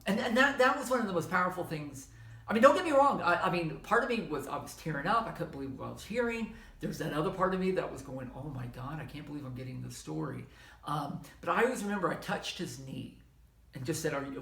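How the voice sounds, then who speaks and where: Brief: middle-aged Southern lecturer, casual and self-correcting, animated delivery, reverberant room. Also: male voice, a little high, fast talker, gravelly. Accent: Southern American. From American South. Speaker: history lecturer. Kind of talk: informal classroom lecture. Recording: echoey room.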